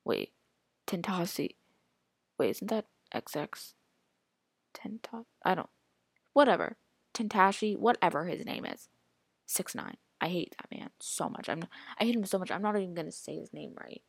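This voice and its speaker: Woman, podcast host: rambling casual chatter, lowish gravelly voice with a lot of lift. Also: sing-song, moderate pace, long pauses, no echo. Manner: rambling, chatty, heavy use of filler "like"; reacts aloud while scrolling an app. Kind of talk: casual solo podcast chat.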